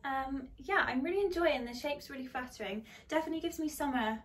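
Young woman, laid-back haul chat, high voice, hesitant delivery. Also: fast. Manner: relaxed, hesitant, many ums. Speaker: fashion vlogger.

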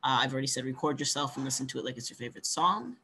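A man giving a conversational workshop talk on pitching, coaching and encouraging, often ending points with "right?". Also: very fast, sharp tone, a little hiss or hum. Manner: conversational, frequent "right?" tag questions. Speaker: workshop presenter.

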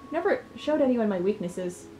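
A woman reading the first-person lines of a troubled young woman in a game, quiet and plain. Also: medium pitch, expressive, fairly quick, reverberant, soft background music, lightly acted, rough recording. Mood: subdued. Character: troubled young woman narrating her own story.

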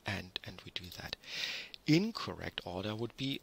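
A man giving an online university lecture, explaining in a measured way with frequent ums and restarts. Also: deep voice, expressive, creaky, pushed and bright, slightly rough, poor audio.

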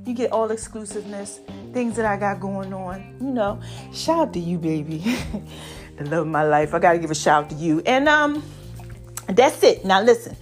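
A woman hosting her own podcast, talking in an animated, drawn-out style full of "baby" and "y'all", her voice a little strained from allergies. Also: medium pitch, music in the background. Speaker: podcast host. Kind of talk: solo podcast talk.

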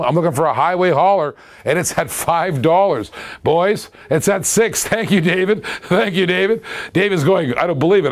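A man in his forties with a Canadian accent, hosting a live-streamed toy car auction in a playful, jokey way, laughing often and repeating his lines. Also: fairly high pitch. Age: 40s.

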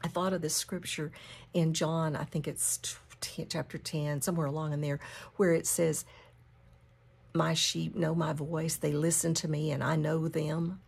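A woman leading a Bible study, reading scripture and teaching. She drops into a hushed whisper for emphasis and repeats key phrases. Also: deep voice, flat delivery, unhurried, vocal fry, breathy edge.

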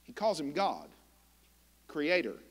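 A man preaching a sermon as pastor, impassioned and emphatic, with dramatic pauses. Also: a little high, wildly swooping pitch, big-room sound. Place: church sanctuary.

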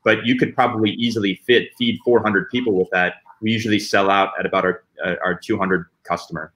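A man speaking as a pitmaster guest in a casual panel discussion. He explains things in a relaxed way with frequent fillers. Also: fairly low pitch, brisk.

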